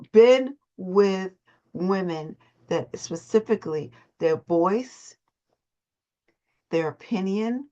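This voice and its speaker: A woman leading a motivational morning call, emphatic and repeating her phrases. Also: mid-range voice. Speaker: host and voice coach. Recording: dull lo-fi call audio.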